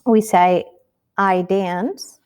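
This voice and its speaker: Slow-paced woman teaching Spanish verbs. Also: medium pitch, a little mellow, smooth. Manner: slow, patient, rhetorical questions. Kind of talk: recorded classroom lesson.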